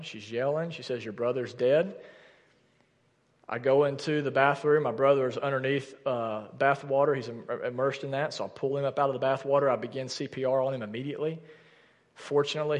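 In a church sanctuary, a young adult man preaches a sermon as pastor, speaking earnestly and directly to the congregation. His voice is mid-range, followed by a long reverb tail.

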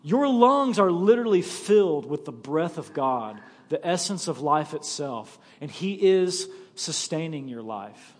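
Emphatic preacher in a reverberant church. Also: male voice, big pitch swings. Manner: emphatic preaching, slows and drops low for scripture. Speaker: pastor. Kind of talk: sermon. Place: church sanctuary.

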